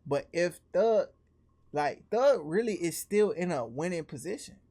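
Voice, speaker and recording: Give me a lively male streamer with a slight Atlanta accent, chatting casually as he reacts. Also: fairly high pitch. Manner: animated, slangy, fast restarts.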